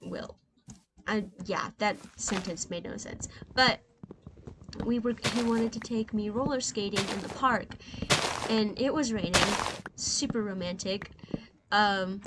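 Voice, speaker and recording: Slow-talking woman chatting while gaming. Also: medium pitch. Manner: rambling, chatty, full of fillers; soft and reflective. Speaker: gaming channel host. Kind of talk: casual chat while playing a video game. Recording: clear keyboard and mouse noise.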